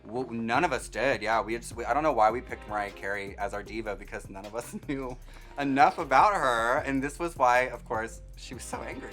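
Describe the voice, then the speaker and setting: A man in his thirties chats as a guest, wry and self-deprecating. His mid-pitched voice is bright and clear, with faint music behind. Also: a little fast. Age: 30s. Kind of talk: casual chat.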